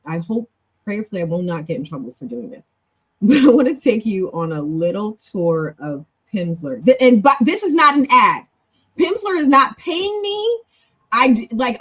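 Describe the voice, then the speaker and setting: Middle-aged woman, live-stream host, casual chat, quick and lively, leaps up in pitch, corrects herself on the fly. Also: husky. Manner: animated and chatty, with big jumps in pitch and loudness; talks fast, with self-corrections. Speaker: show host and club leader.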